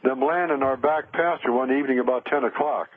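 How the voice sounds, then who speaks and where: A man's voice: medium pitch, fairly quick, a crowd in the background. An older man, a spiritual counselor, telling a long rambling story in a radio interview, with many fillers and restarts. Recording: tinny phone line.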